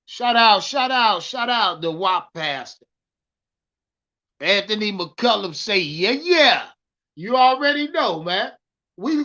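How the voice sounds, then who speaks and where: A man's voice: sits high, dull audio. Hyped, profane man ranting to his stream. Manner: loud, hyped, swearing, talks to the chat. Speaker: live stream host. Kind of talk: profane live-stream sports rant.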